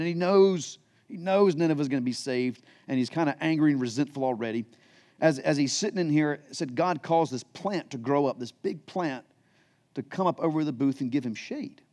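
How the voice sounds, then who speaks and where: A man's voice: a little high, fairly quick, a little mellow. A middle-aged male pastor preaching a sermon, retelling scripture in everyday words. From United States. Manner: storytelling, paraphrasing scripture in plain modern words.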